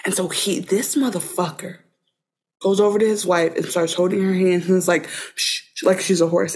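Animated woman podcast co-host. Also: medium pitch, normal speed. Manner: animated, acts out scenes in playful voices. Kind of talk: casual chat.

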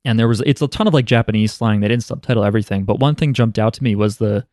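A man co-hosting a casual podcast chat, talking in animated bursts full of "like". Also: fairly low pitch, fast, dry recording, clean studio sound. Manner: animated, talks in bursts with many "like"s. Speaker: podcast co-host. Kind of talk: casual chat about an anime.

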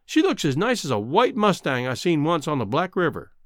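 A man voicing a brash, loud cowboy rancher who talks in drawling frontier slang. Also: on the high side, wildly swooping pitch, a little fast, no echo, studio quality. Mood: boisterous.

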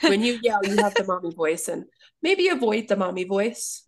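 Female dog trainer, gravelly timbre, earnest and chatty. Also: mid-range voice, big pitch swings. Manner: earnest, acts out dogs and owners in quick asides. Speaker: dog trainer and daycare owner. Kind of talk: casual interview talk.

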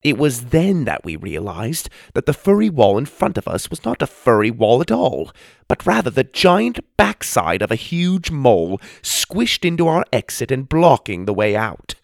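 Man, expressive storybook narrator, gravelly, dry studio sound. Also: medium pitch, moderate pace, no echo. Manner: expressive first-person storytelling. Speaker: audiobook narrator.

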